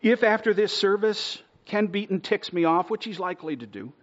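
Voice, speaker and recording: A man preaching a sermon in an earnest style, building to loud, emphatic stretches and dropping to a hush on key words. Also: high voice, expressive, normal speed, lo-fi sound. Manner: earnest preaching, swells louder to a near-shout at points, drops to a hush on key words. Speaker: pastor.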